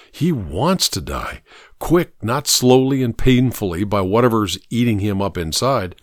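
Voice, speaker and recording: Casting note: male audiobook narrator, measured and grave, mid pitch with an expressive lilt, dry close studio sound. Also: no room sound. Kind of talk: first-person audiobook narration.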